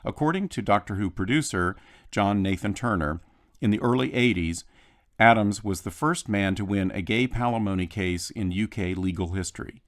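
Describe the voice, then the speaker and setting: Man reading a film history commentary. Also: on the low side. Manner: measured storytelling, lightly acting out quotes.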